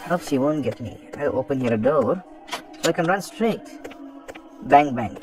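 A man commentating a horror game as he plays, excitable and taunting the monster, with some swearing. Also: mid-range voice, moderate pace. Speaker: gaming commentator. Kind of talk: let's play commentary.

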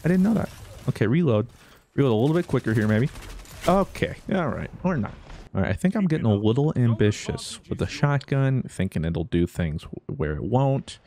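A young man giving jokey, excitable commentary over his own gameplay, breaking into sudden loud outbursts. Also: medium pitch, fairly quick. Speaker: gaming YouTuber.

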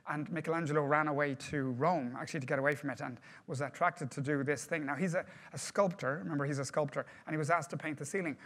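Man, project management trainer, quick pace, conversational, asks the audience questions. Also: fairly high pitch, steady tone, a bit bright. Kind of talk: workshop presentation to a group.

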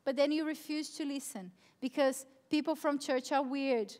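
A woman's voice: sits high, normal speed, a little mellow. A young woman youth pastor preaching a live sermon at a church service, emphatic and repeating her key phrases.

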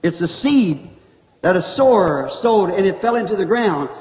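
A man's voice: sits high, expressive, normal speed, a little mellow. A man preaching a revival sermon in a fervent, folksy style with country grammar, recorded in a church hall on old tape.

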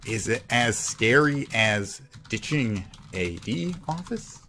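Sarcastic, lively male game streamer. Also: mid-range voice, takes it slowly, hardly any pauses, soft background music. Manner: sarcastic, mocking; reads other players' chat aloud. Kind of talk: live gameplay commentary.

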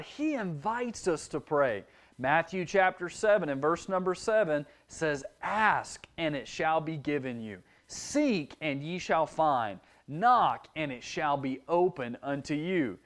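A young man preaching to kids with a high, bright pitch that swings widely up and down. He speaks in an animated, expressive way and slips into children's voices as he teaches. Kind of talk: children's sermon.

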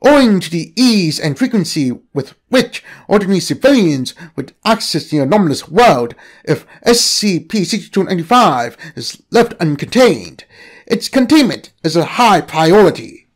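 Expressive male narrator with a lively voice. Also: high voice, moderate pace. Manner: expressive storytelling read. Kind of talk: scripted narration.

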